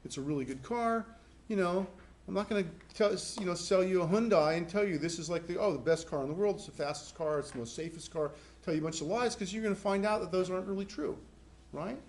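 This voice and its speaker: A man's voice: high-pitched, darkish tone. Chatty middle-aged male professor lecturing. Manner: conversational, repeats himself, acts out quick voices. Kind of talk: college lecture. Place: classroom. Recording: echoey classroom with faint noise.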